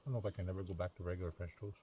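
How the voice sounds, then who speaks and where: Low, level, and rapid-fire, a Canadian vlogger's voice comes through on dull-sounding audio as he chats his way through a lakeside camping video. Easygoing and frequently laughing, he's accompanied by faint outdoor background noise.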